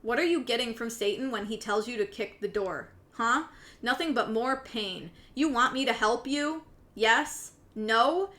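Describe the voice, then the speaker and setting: A woman's voice: on the high side, animated, measured pace. A woman reading out a stern scolding mother. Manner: loud, lecturing, religious reproach.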